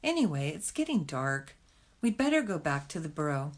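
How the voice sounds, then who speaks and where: A woman's voice: deep voice, big pitch swings, normal speed. A woman voicing a young male rabbit who speaks firmly and reassuringly to his frightened brother. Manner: firm and reassuring. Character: young male rabbit, steady, caring leader.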